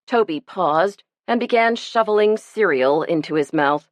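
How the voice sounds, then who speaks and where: A woman narrating an audiobook in an expressive storytelling manner. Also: on the low side, unhurried, hardly any pauses, no echo. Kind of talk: scripted narration.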